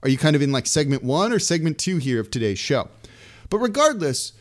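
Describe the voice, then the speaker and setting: A man hosting a sports podcast, talking through team news in casual, animated solo commentary with frequent asides. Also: a little high, fairly quick.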